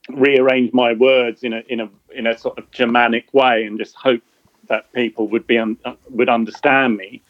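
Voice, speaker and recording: A man's voice: medium pitch, no echo, dull audio. An English man from England, a guest in a casual chat, speaking hesitantly and self-deprecatingly with many restarts.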